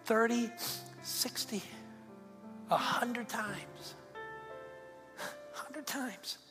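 A man's voice: extremely high pitch, extremely slow, music in the background. A male pastor preaching a sermon, fervent and repetitive, with a driving preaching cadence.

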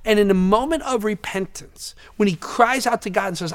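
A man preaching a sermon in a church, earnest, often repeating words and swelling loud when he quotes scripture. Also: high voice, moderate pace, hardly any pauses. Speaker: pastor.

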